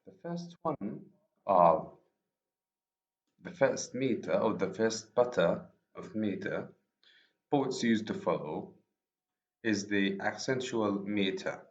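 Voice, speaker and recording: Man, Arabic first language, university lecturer, slow repetitive explaining, echoey room, muffled lo-fi recording. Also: on the low side, lively intonation. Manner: explains slowly, repeats and rephrases himself. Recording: echoey room, dull lo-fi sound.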